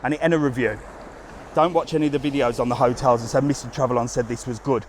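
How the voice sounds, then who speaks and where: A man's voice: mid-range voice, steady tone, fast talker, slight background noise. A man livestreaming as a travel vlogger, chatting bluntly and casually while he walks along a seafront outdoors, talking into a handheld phone. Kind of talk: casual live walking stream.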